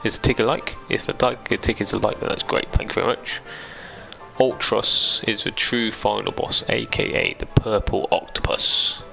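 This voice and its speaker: A man's voice: fairly low pitch, fairly even intonation, normal speed, vocal fry, sharp tone, poor audio. A young man streaming a game live, chatting casually, reading viewer comments aloud and laughing easily. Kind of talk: casual live-stream chat over gameplay. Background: game music.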